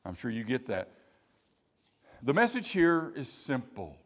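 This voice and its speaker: A pastor from South Carolina, preaching a sermon slowly and deliberately, with emphatic repeated phrases. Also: male voice, medium pitch, wildly swooping pitch.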